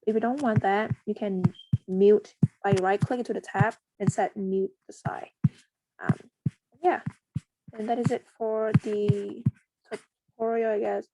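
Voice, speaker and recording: A woman presenting a casual software setup tutorial, talking in a halting, hesitant way with frequent pauses and restarts. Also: mid-range voice, steady tone, very noisy. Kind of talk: casual screen-recorded coding walkthrough.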